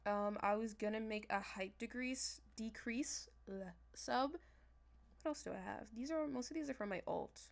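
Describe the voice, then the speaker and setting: A young woman chatting casually on a livestream as a manifestation coach, talking straight to her viewers in a loose, animated way. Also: a little high, a little slow, gravelly. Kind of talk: casual livestream talk to chat.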